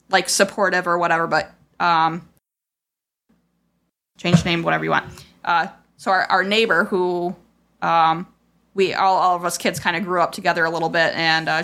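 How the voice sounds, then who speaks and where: A woman's voice: on the low side, little pitch movement, moderate pace, long pauses, bright, forceful tone. A woman hosting a podcast, telling a painful family story in a casual, rambling way, full of "like" and quoted remarks. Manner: rambling, heavy on "like" and "I was like" quotes; raw, frustrated retelling of a painful memory. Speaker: podcast host.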